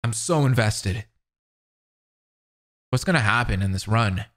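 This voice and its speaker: A man commentating a horror visual novel as a let's-play, reading the lines aloud with dramatic emphasis and jumpy, excitable reactions. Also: lowish voice, measured pace. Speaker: video game commentator.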